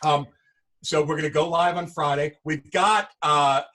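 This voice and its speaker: A man co-hosting a casual live-stream show, chatting in a relaxed way. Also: on the high side, measured pace. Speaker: podcast co-host.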